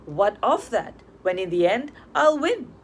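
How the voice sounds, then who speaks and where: An earnest young lawyer , as a woman reader puts him on, pleading his love with eager insistence. He pushes each line forward in a steady, mid-pitched voice. The storybook tone stays plain and unhurried. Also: slight background noise.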